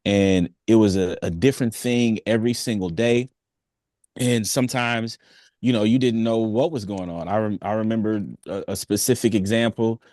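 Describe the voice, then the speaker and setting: A young adult man, a singer, chatting casually in an interview with an easygoing, animated manner. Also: fairly low pitch, moderate pace, no room sound, clean studio sound. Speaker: singer, guest.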